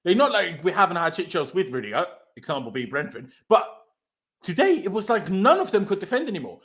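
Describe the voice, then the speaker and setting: A man's voice: high-pitched, big pitch swings, a little fast, a bit bright. A man hosting a football fan show, ranting in exasperation, stumbling over his words and swearing. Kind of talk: angry post-match reaction rant.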